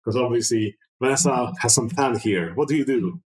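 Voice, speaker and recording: A man running a tabletop game as game master, chatty and relaxed, with many fillers. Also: mid-range voice, moderate pace, echoey room, low-quality recording.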